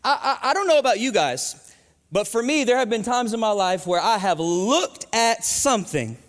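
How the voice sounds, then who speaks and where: A man preaching a lively sermon as pastor, calling out to his church. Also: high voice, moderate pace. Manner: energetic, call-and-response preaching with southern slang. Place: church sanctuary. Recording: live church hall with long reverb.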